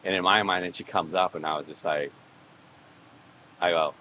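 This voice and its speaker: A man's voice: low-pitched, fairly even intonation, normal speed, bright, forceful tone, rough recording. A man chatting casually as a podcast guest, rambling through a story and acting out the voices of others. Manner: rambling, acts out quoted voices. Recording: background noise.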